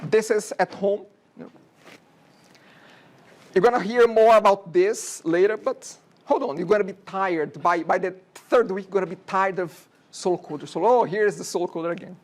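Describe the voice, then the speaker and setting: A man in his forties with a Brazilian Portuguese accent lectures a classroom. His voice sits high, and his talk is chatty and wandering, broken up by frequent "okay?" checks with the students. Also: normal speed. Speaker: college instructor.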